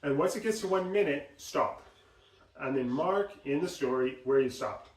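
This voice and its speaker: A man's voice: on the high side, moderate pace. Man coaching voice from across a roomy space. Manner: animated, demonstrates examples in exaggerated voices. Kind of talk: instructional talk with demonstrations. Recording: roomy sound, mic at a distance.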